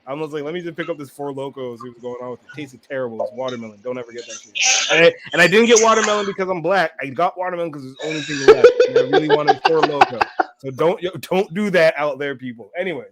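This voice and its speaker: A man's voice: a little high, animated, fast talker. Laid-back man over crowd noise. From Canada. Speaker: podcast guest. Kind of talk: casual chat.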